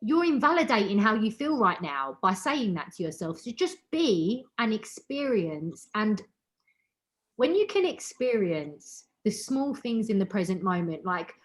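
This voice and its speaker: An earnest woman hosts a wellbeing circle over a video call, speaking with open emotion. She leans on repeated words to stress her points and keeps a steady mid-range pitch. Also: moderate pace. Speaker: host of an online women's wellbeing meeting. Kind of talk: heartfelt motivational talk on a video call.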